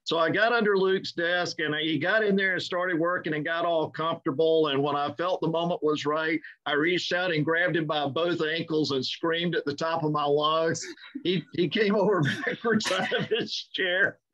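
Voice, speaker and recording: A middle-aged man hosts a relaxed interview with a fairly high voice for a man. He talks in an easygoing storytelling way, and the sound is dull and lo-fi. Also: normal speed, hardly any pauses. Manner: easygoing storyteller, chuckles while recalling pranks. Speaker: podcast host. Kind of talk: conversational interview. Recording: dull lo-fi audio.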